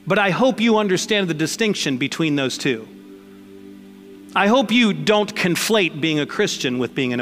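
A man's voice: on the high side, sharp tone, big-room sound. A man preaching a sermon as pastor, conversational and emphatic, mixing blunt jokes into his points.

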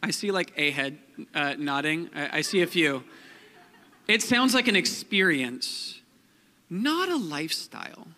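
A man's voice: a little high, sing-song, unhurried, pushed and bright. A young man giving a casual, joking sermon as a pastor, full of fillers like "like" and "um". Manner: chatty, joking, many fillers like "like" and "um". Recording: long hall reverb.

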